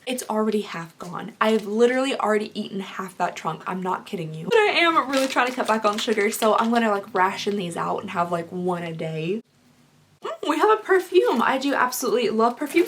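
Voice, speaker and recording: A young woman chatting through an unboxing, rambling and easily excited, her voice rough from being sick. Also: mid-range voice, brisk, a little hiss or hum. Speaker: unboxing vlogger. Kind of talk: casual unboxing chat.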